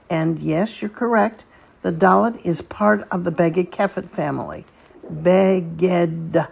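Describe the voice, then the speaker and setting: A woman teaching a language lesson, patient and deliberate, repeating each word slowly for learners. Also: fairly low pitch, gravelly, husky. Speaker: Hebrew teacher. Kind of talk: slow spoken lesson.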